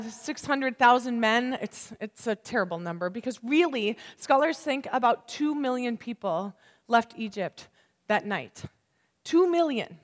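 A woman in her thirties preaching a sermon in an unhurried, emphatic way, often asking the listeners questions. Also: sits high, fairly bright tone. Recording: long hall reverb.

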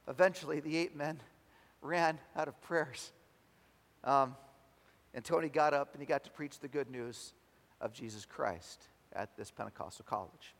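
A man preaching a sermon, telling a story with dramatic swings between loud and soft. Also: a little high, lively intonation, measured pace, pauses often. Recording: long hall reverb.

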